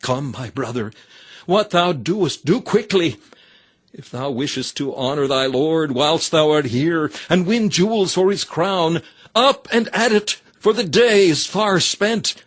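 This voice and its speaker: A man's voice: a little high, animated, unhurried. A man reading a sermon aloud in an earnest, exhorting manner with old-fashioned scriptural phrasing. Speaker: reader of a sermon.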